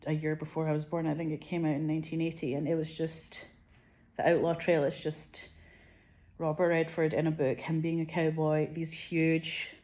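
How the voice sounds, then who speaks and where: A woman's voice: sits low, a little mellow. A woman in her forties talking to camera in a loose, rambling monologue, swearing freely and filling her sentences with "like.". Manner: rambling and profane, heavy use of "like". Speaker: vlogger.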